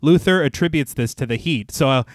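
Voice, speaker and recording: A man hosting a horror podcast who reads plot recaps evenly and breaks off for joking, animated asides. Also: mid-range voice, brisk, no room sound, studio quality. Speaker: podcast host recapping a film. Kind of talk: casual chat, reading a plot recap.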